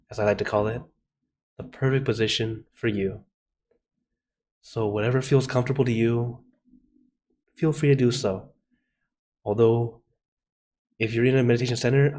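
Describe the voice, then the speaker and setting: Calm man guiding a meditation. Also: mid-range voice. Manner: friendly, laughs softly between greetings. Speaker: meditation host. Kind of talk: live-streamed guided meditation. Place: outdoor meditation garden. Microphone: video call.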